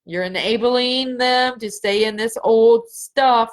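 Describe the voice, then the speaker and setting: A middle-aged woman hosting a live spiritual healing session, speaking slowly and earnestly and repeating phrases for emphasis. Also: on the high side. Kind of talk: live energy-healing reading for viewers.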